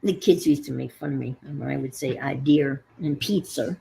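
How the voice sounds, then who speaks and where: Low gravelly woman with a New York accent. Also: moderate pace, mellow, poor audio. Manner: rambling, trails off and searches for words. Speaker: host of a craft livestream. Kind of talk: casual crafting chat.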